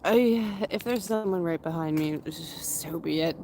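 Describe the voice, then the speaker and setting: Woman in her 30s from Canada, stream host, slow and rambling, slightly low voice, runny nose, faint outdoor hiss. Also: dark tone. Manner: slow, rambling and chatty, with frequent fillers and laughs. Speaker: livestream host. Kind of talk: casual livestream chat, answering viewers. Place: outdoors in a forest area.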